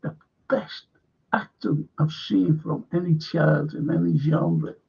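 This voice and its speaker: A man's voice: fairly high pitch, big pitch swings, slow pace, vocal fry, husky. A man hosting a live stream, rambling bluntly and swearing often. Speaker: show host. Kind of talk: casual live-stream chat. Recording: dull lo-fi stream audio.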